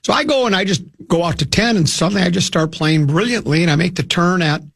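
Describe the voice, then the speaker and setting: A man's voice: high voice, fast talker, vocal fry, fairly bright tone. A man hosting a sports talk radio show, telling a long rambling story in a casual, self-mocking way. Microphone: studio microphone.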